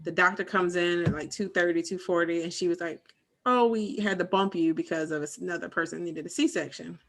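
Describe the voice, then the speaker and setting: Bright animated woman telling a story. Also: fairly low pitch, fairly quick. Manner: animated storyteller, acts out quotes. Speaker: podcast co-host. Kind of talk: casual chat, personal story.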